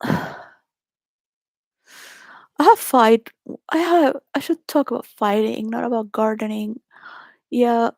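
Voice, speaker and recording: A woman's voice: a little high, takes it slowly, long pauses, darkish tone, dry recording, studio quality. A woman from Venezuela telling candid personal stories in a rambling way, laughing often and restarting her sentences.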